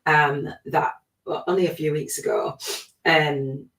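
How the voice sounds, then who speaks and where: Middle-aged woman, low voice, chatty reflective podcast host, echoey room, distant mic. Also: fairly even intonation, measured pace, fairly bright tone. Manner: chatty and reflective, with many fillers. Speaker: spiritual life coach hosting a podcast. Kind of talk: casual spoken monologue.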